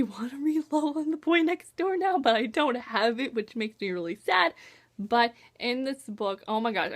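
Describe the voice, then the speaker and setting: A bubbly woman with a fairly high voice gushes about a book she loved in a casual vlog. She talks in an animated, chatty way, peppered with "like" and "oh my gosh", and her voice jumps up and down as she gets excited. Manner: gushing, bubbly, full of "like" and "oh my gosh"; animated swings in pitch and loudness. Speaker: book reviewer.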